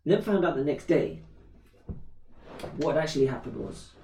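A man in his thirties, a podcast co-host, telling a story in casual chat, animated and swearing freely. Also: on the high side, moderate pace, a little hiss or hum. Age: 30s. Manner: animated, swears freely, acts out quoted voices. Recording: roomy echo, distant from mic.

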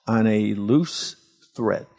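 A man's voice: fairly low pitch, drawn-out words, creaky, a little mellow, soft background music. A man hosting a radio interview, asking playful, teasing questions. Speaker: radio host.

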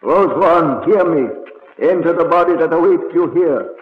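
An actor playing a sinister hypnotist who commands a spirit into a body, in an old radio drama. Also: male voice, a little high, a little slow, lightly acted. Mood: commanding. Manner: commanding, incantatory. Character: sinister male hypnotist performing a soul transfer. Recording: tinny old radio broadcast, echoey.

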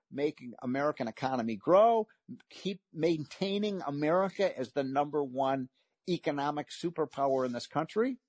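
A man's voice: sits high, darkish tone, dry recording. A man hosting a talk radio show, delivering an emphatic, frustrated political monologue with frequent restarts.

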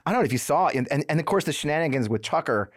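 A man hosting a podcast in a casual, animated way, often stammering and sounding exasperated. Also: a little high, rapid-fire. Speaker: podcast host.

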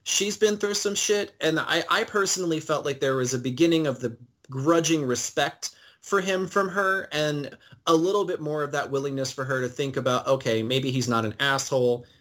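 A man co-hosting a casual podcast with a slightly higher pitch than most men. He walks through the story eagerly and with detail, sprinkling in fillers as he shares his take. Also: normal speed, a bit bright. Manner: enthusiastic, detailed storyteller who uses many fillers. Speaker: podcast co-host. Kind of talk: casual episode recap and analysis.

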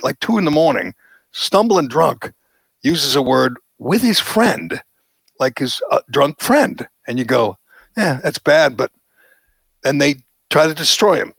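A male podcast host rants about the news in a lively, opinionated way. His voice is slightly high with a gravelly edge, recorded dry and close. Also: no echo. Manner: animated, mocking quoted voices. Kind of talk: opinionated political commentary chat.

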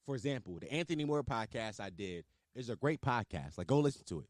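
Animated slangy man hosting a podcast. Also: mid-range voice, fast, no echo, studio quality. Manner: animated storytelling, slangy, swearing, acts out own hype lines. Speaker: podcast host. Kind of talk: casual solo podcast monologue. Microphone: podcast microphone.

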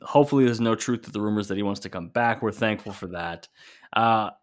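A man's voice: on the low side, brisk. A man co-hosting a podcast, recapping an old clip in casual chat and swearing now and then. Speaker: podcast co-host.

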